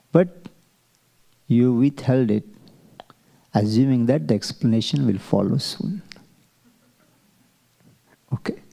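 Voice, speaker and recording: Guy teaching chanting class, slow careful explaining, kinda gravelly voice. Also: medium pitch, dark tone. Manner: slow, deliberate explaining with rhetorical questions. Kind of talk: classroom lecture.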